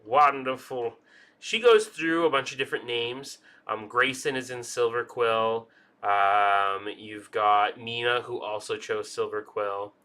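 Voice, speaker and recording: A man's voice: medium pitch, unhurried, pushed and bright. A man running a tabletop game as game master, playful and theatrical.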